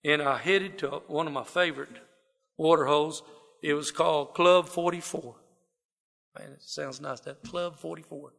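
A man's voice: fairly high pitch, fairly even intonation, normal speed, vocal fry, a bit bright, long reverb tail. A man from South Texas with a Southern drawl, telling his life story in a folksy, rambling way full of fillers. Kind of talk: personal testimony talk. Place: wooden building, to a gathered audience.

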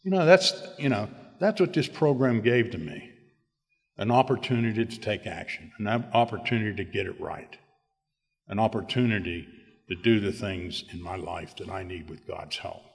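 A man's voice: on the low side, moderate pace, gravelly, long reverb tail. An older man giving a personal recovery testimony at a meeting, rambling with many "you know"s and rising to emphatic bursts.

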